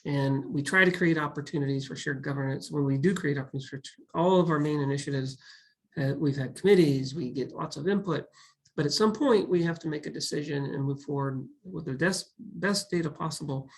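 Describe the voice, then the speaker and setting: Halting, reflective man leading a webinar. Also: a little high, low-quality recording. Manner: reflective, speaks in halting restarts. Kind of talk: casual webinar talk.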